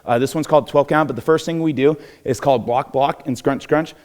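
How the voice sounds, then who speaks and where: A man's voice: medium pitch, fairly quick, darkish tone. A young man with a Texan accent teaching a self-defense class in a church hall, upbeat and encouraging, laughing often. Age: young adult. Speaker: martial arts instructor.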